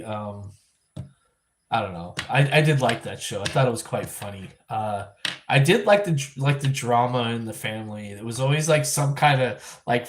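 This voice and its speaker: A man hosting a live vlog stream, chatting casually and thinking out loud with lots of restarts and self-corrections. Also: medium pitch, slight background noise. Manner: rambling, thinking aloud with frequent restarts. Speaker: livestream vlog host.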